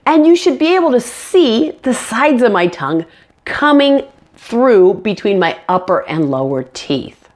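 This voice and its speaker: A woman teaching English pronunciation, clearly modeling words for learners to repeat. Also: fairly high pitch, very animated, measured pace. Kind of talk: online pronunciation lesson. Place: indoors, on camera.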